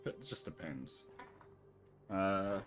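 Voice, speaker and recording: Deep-voiced laid-back male game master. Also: expressive, very slow, a bit bright, soft background music. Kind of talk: casual tabletop game chat over voice call.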